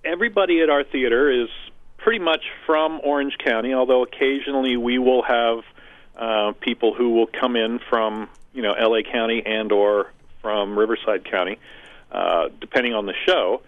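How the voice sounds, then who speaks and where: The recording sounds like a tinny phone line, with no room sound at all. On it, a middle-aged man of medium pitch and moderate pace, who co-founded and owns a community theater, talks through a casual interview in an earnest, methodical way, making long comparisons.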